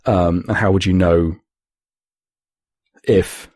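A man with a husky voice, chatting casually on a podcast in a rambling, sweary way. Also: low voice, steady tone, takes it slowly, darkish tone, dry recording, clean studio sound. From Britain. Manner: rambling, sweary, laughs often. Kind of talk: casual chat.

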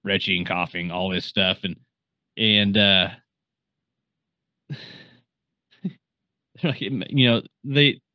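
A man's voice: low voice, very slow, pauses often, no echo. Rambling man recapping a movie, dull recording. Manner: rambling, filler-heavy storytelling. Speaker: podcast host. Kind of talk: casual movie recap chat. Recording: dull, dry sound.

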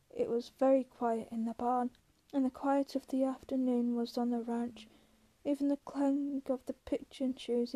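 A woman reading a novel aloud in a steady, unhurried storytelling manner. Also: sits high, no room sound. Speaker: reader.

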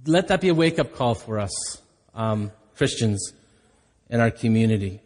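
A man's voice: medium pitch, expressive, moderate pace, a little mellow. A middle-aged man preaching a sermon as pastor, telling stories in a candid, self-deprecating way. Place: church hall. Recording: hall reverb.

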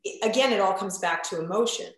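A woman podcast guest and coach chatting casually, telling stories bluntly and acting out quoted lines with lively voices. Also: medium pitch, fast, heavy reverb, poor audio. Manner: animated storyteller, acts out quotes, blunt, swears.

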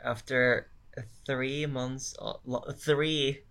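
A man chatting on a podcast in a relaxed, wry way. His voice sits at a middling pitch, and his tone is casual and self-deprecating. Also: very slow. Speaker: podcast co-host. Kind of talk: casual conversation.

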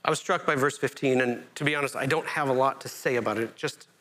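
A man preaching a sermon as pastor, animated and self-interrupting, climbing to emphatic peaks. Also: mid-range voice, fast.

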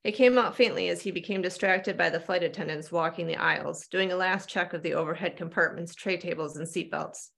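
Gravelly-voiced woman reading fiction aloud. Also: lowish voice, fairly even intonation, fairly quick, few pauses, fairly bright tone. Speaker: author reading her book. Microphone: video call.

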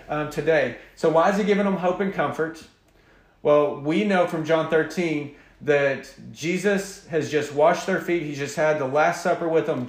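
A man delivers a sermon as a pastor, earnest and emphatic in his preaching. His voice sits a little high for a man. The room around him gives a noticeable echo. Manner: earnest, emphatic preaching with a quiet prayer opening.

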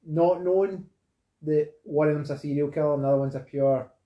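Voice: mid-range voice, steady tone, a little fast, echoey room, muffled recording. A speaker in casual podcast chat, teasing and setting up scenarios.

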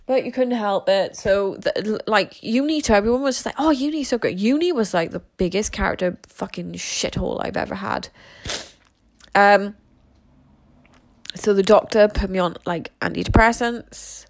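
A woman's voice: medium pitch, moderate pace, no room sound. Young woman, candid rambling storytelling, swears freely, dry close sound. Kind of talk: casual personal storytelling.

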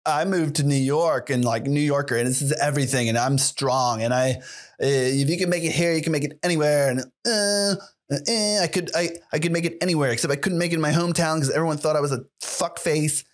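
Quick boastful New Yorker caricature, put on by a man, higher than his own voice. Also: natural voice. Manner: boastful, defensive, fast and sweary. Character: brash self-important New York transplant, boastful.

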